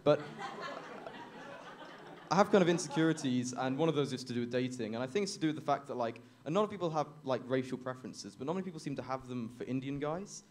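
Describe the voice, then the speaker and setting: On a comedy club stage, a young man performs stand-up into a handheld mic, awkward and self-deprecating, chuckling at his own jokes. His medium-pitched voice is expressive and fast.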